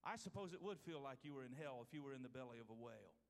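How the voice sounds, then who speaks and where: Pastor guy preaching in a church, super animated, swoops way up and down. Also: medium pitch, very fast, creaky. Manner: animated preaching, swinging from loud to hushed. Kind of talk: sermon. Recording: hall reverb.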